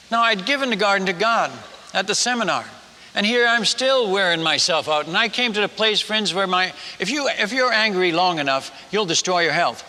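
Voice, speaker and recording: A man preaching as a missionary, telling his story with animated, self-mocking humor and frequent stammered restarts. His voice sits high and sounds very bright. A long reverb from a large hall trails behind his words. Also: moderate pace, a little hiss or hum. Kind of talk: sermon storytelling.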